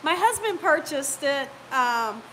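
Animated and high-pitched, this woman hosts a relaxed live cooking stream, reading out viewer comments and laughing often in a chatty, warm-hearted way. A cough lingers, and the rough recording carries a little hiss or hum.

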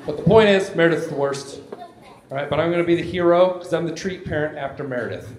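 Man, forties, stand-up comic, high lively voice, echoey live room with crowd. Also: quick pace, noisy background. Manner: loud, animated, often shouting for effect. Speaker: stand-up comedian. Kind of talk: stand-up comedy routine. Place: comedy stage before a live audience.

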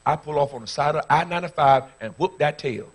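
A pastor in his fifties preaching a sermon, telling stories with bursts of shouting before moving into a fervent prayer. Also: a little high, quick pace. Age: 50s.

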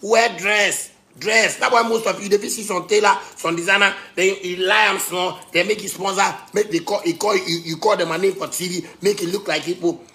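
A man with a high-pitched voice and a Ghanaian Pidgin English accent rants at length. He circles back over the same phrases and swings between loud outbursts and quieter asides. He has the passionate, preachy delivery of a self-styled pastor. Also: moderate pace. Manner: animated, rambling, repeats phrases, swings loud and soft. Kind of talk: impassioned rant.

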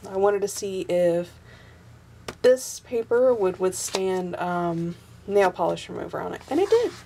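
A young woman, hoarse from allergies and short on sleep, rambling with ums and giggles as she flips through her sketchbook. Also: lowish voice, warm tone, slight background noise. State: stuffy and losing her voice from allergies. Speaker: artist showing her sketchbook. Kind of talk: casual sketchbook flip-through vlog.

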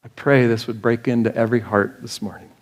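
Male American pastor, fervent pulpit sermon, mid-pitched, climbs into urgent high pleading. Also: steady tone, fairly quick.

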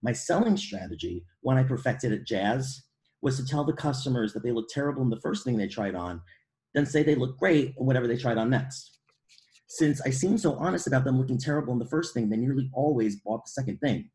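A middle-aged man from Brooklyn, reading aloud from his own memoir in a measured, wry, precise way. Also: mid-range voice, lively intonation, darkish tone. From Brooklyn, New York.

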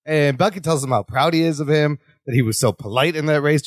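A man's voice: fairly high pitch, a little fast, no echo, clean studio sound. A man co-hosting a podcast, chatting casually and acting out lines from an episode with frequent laughs. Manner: animated, laughs often, acts out quotes. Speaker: podcast co-host. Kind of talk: casual recap chat.

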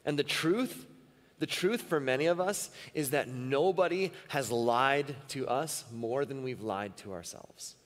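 A man with a medium-pitched voice speaks unhurriedly as a pastor preaching a sermon at a church service. He is earnest and repeats phrases for emphasis, and the recording carries the long reverb of a church hall.

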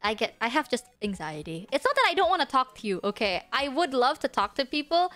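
A woman's voice: high-pitched, very animated, brisk. A woman vtuber streamer chatting casually and rambling with lots of fillers and laughs, sometimes dropping to a whisper. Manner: drops to a hushed whisper at times. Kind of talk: casual livestream chat.

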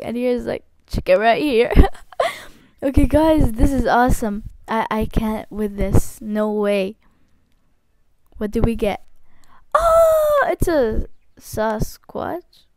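A woman hosting her gaming channel, giving gushing, excitable commentary and squealing often. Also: a little high, slow, long pauses, no echo. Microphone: faulty mic. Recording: noisy faulty home mic.

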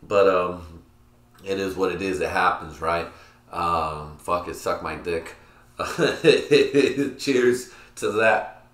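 A man's voice: low-pitched, level tone, unhurried, sharp tone. A man hosting a podcast in casual, profane chat, rambling and laughing at his own jokes. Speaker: podcast host. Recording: roomy echo.

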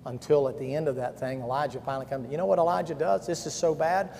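Blunt, emphatic preacher in a reverberant hall. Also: male voice, a little high, fairly even intonation, fast talker, gravelly. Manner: emphatic, swings between hushed and loud; folksy, blunt preaching with homespun sayings. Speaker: pastor. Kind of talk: camp-meeting sermon. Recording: long hall reverb, faint background noise.

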